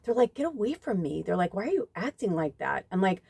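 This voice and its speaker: A woman's voice: medium pitch, fast, vocal fry, hardly any pauses, breathy edge, dry recording. A young woman, a psychic medium, telling a personal story to her viewers in casual talk, emotional and near tears, swearing freely. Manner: emotional storytelling, swears freely, quotes others in lively voices. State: tearful, near crying. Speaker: psychic medium giving a tarot reading. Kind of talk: casual spoken reading to viewers.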